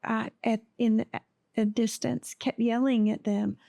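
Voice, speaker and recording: A woman guest on a podcast telling a personal story in a slow, halting way, with many pauses and fillers. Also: on the high side, little pitch movement, creaky, dark tone, no room sound.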